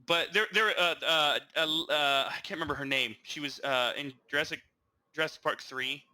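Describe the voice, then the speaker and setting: A man's voice: fairly high pitch, normal speed, rough recording. A young man co-hosting a casual podcast, rambling through stories with lots of stammers and restarts. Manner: rambling, stammering, animated retelling. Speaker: podcast co-host. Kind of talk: casual chat.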